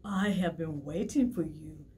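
A woman doing a deep-voiced wise old octopus. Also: measured pace, a little mellow, slight background noise. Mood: solemn. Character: wise old female octopus, calm and mysterious.

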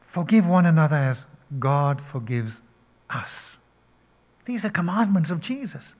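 Older guy giving a sermon, real slow and emphatic, kinda high voice. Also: very animated, a little mellow. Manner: slow, emphatic preaching with rhetorical questions. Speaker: pastor.

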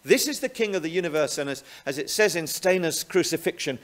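A man delivers a sermon in a slightly high voice. His pitch swings widely as he leans on rhetorical questions to draw the listener in. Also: fast talker, hardly any pauses. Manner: animated, rhetorical tag questions. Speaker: pastor.

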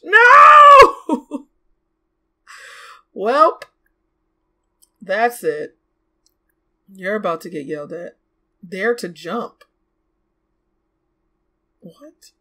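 A young woman giving casual let's play commentary, chatty and exclamatory, bossing her game characters around out loud and gasping and laughing easily. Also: mid-range voice. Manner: chatty, scolds and coaxes the game characters aloud; exclamatory, quick to gasp and laugh. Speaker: gaming YouTuber.

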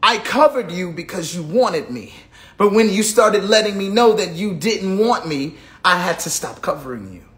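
A man sharing a personal testimony in a preaching cadence, repeating phrases and building from hushed to fervent with sudden whoops. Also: high voice, lively intonation, moderate pace. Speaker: gospel singer giving a testimony.

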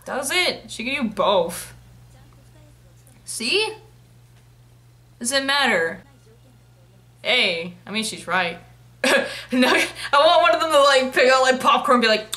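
A woman's voice: high-pitched, bright, forceful tone. A young woman reacting to an anime, giggling often and talking back at the characters on screen. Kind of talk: casual reaction commentary.

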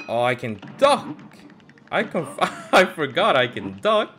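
A young man giving casual gaming commentary, swearing and frustrated, with loud outbursts. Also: mid-range voice, sing-song, normal speed, faint music behind. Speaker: gameplay streamer.

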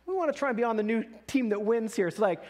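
Man putting on conniving palace servants, eager, high lifted voice. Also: expressive, fast, a little mellow. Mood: scheming.

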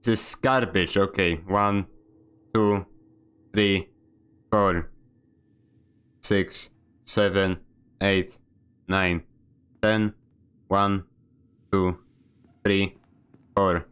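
A man's voice: low voice, fairly bright tone, smooth. A man streaming a video game, giving a sarcastic, grumbling running commentary. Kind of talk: live gameplay commentary.

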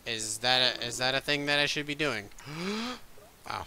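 A young man giving casual gameplay commentary, excitable, swearing often and yelping at scares. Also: medium pitch, a little slow, a little hiss or hum. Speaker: gaming video creator.

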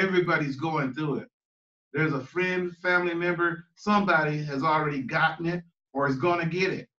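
A man with a high, bright, forceful voice preaches to a choir Bible study, plain-spoken and emphatic, repeating his key points. He stands back from the mic in a roomy, echoey church, and the recording sounds a little dull. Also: far from the mic. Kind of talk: conversational preaching.

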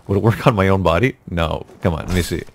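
A man's voice: low voice, fast talker, gravelly, slight background noise. A man giving casual, jokey commentary over his own gameplay, talking to himself with exasperated outbursts. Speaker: gaming YouTuber.

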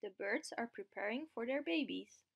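A woman reading aloud as a gentle, calm young queen. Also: on the high side, normal speed, creaky, highs cut off.

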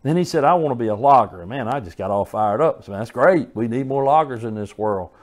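A man's voice: mid-range voice, animated, quick pace. Earnest folksy preacher man. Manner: earnest, folksy storytelling with repeated restarts. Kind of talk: sermon.

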